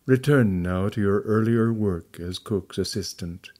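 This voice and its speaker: A man reading the lines of a stern elderly guru, speaking calmly and gravely. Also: on the low side, a little slow.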